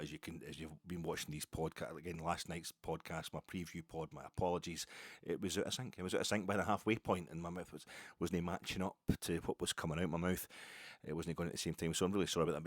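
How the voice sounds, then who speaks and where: Rambling Scottish man with a deep voice. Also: no echo, clean studio sound. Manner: rambling, self-deprecating, stammers on repeats. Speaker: podcast host. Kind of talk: casual storytelling monologue.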